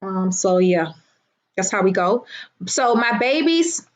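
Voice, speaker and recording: A woman, hosting a casual livestream from home, loud and profane, greeting viewers by name. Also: medium pitch, expressive, takes it slowly. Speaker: livestream host.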